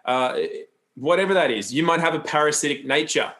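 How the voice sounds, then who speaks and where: A man's voice: fairly high pitch, a little fast, a bit bright. A man talking as a podcast guest, loose and rambling, with frequent restarts and asides. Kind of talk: casual interview talk.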